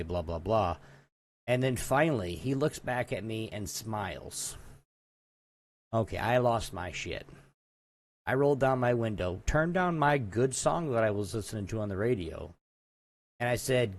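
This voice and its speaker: A man's voice: lowish voice, moderate pace. A man co-hosting a podcast, telling a long story in casual chat, rambling with lots of asides. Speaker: podcast co-host.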